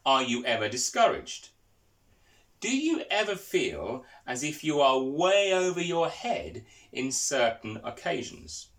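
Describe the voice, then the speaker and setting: A man's voice: medium pitch, big pitch swings, takes it slowly, fairly bright tone. A man preaching a sermon, telling stories and asking the congregation questions. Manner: storytelling, asks the listeners questions.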